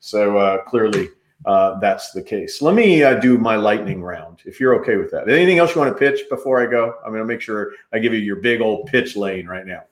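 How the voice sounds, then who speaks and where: A man hosting a live-streamed interview over a video call, talking with energy and jumping in with quick asides. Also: fairly low pitch. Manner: energetic, jumps in, fast asides. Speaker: host. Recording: roomy echo.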